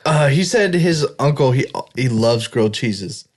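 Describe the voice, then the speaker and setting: A man's voice: medium pitch, animated, unhurried, a little hiss or hum. A man in casual podcast chat, joking around and acting out comedy bits. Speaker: podcast co-host.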